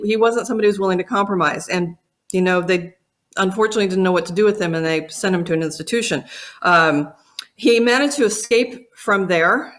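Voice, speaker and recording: A woman's voice: medium pitch, fairly bright tone. A middle-aged woman giving a conference keynote talk and telling her family's history in an earnest, reflective way. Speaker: keynote speaker from a family company.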